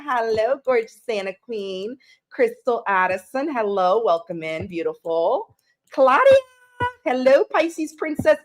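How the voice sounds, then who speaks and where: A woman hosting a casual live-stream tarot reading, chatting and greeting viewers with pet names. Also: a little high. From Canada.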